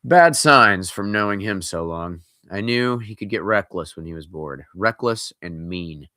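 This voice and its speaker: A man's voice: fairly low pitch, expressive, measured pace, bright, forceful tone, no echo, studio quality. A man reading a scary story aloud, breaking in with casual, joking asides.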